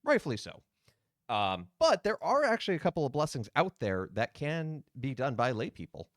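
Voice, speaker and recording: A man's voice: mid-range voice, very animated, normal speed, no echo, clean studio sound. A man, a priest, giving casual, rambling commentary while streaming a video game, with many fillers.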